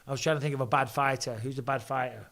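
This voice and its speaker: A man's voice: medium pitch, steady tone, quick pace, a bit bright. A man, hosting a casual live chat, blunt and joking, swearing freely. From England. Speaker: podcast host. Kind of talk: live casual chat answering viewer questions.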